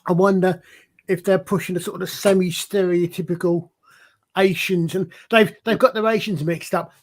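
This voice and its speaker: A man's voice: high-pitched, steady tone, normal speed. A man co-hosting a TV review podcast, speaking hesitantly in casual chat and repeating words as he thinks.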